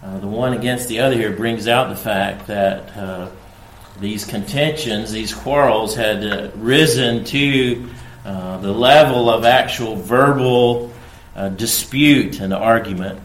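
A man preaching an expository sermon, teaching slowly and deliberately with frequent fillers and emphatic quoted lines. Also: lowish voice. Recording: echoey room.

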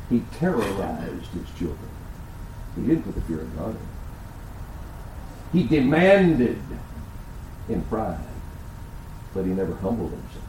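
Older guy preaching, lively up-and-down voice, echoey church, faint room hum. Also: fairly low pitch, moderate pace, pauses often. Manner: preaching with rhetorical questions and storytelling. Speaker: pastor. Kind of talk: sermon. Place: church sanctuary.

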